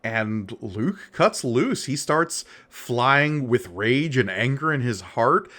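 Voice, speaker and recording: A man's voice: mid-range voice, slow. A man co-hosting a podcast, casually recapping a comic book page by page. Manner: relaxed, recaps the story page by page. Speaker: podcast co-host.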